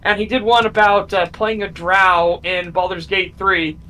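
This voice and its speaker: A man streaming a game and chatting casually, excitable and swearing freely. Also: sits high, a little slow, rough recording. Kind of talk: casual gaming chat.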